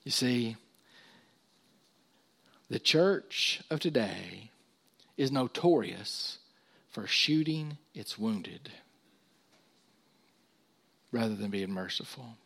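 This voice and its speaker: Man, pastor preaching a sermon, mid-pitched voice, louder and higher on scripture, hushed asides. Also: lively intonation, extremely slow, gravelly, pauses often, husky. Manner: preaching with rising emphasis on scripture, dropping low for asides.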